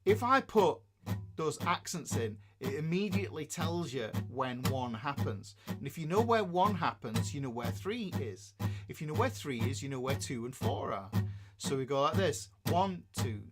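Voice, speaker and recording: Lively chatty Northern English guitar teacher. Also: male voice, fairly high pitch, moderate pace. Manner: chatty, self-correcting, checks in with listeners. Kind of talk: live-streamed guitar lesson.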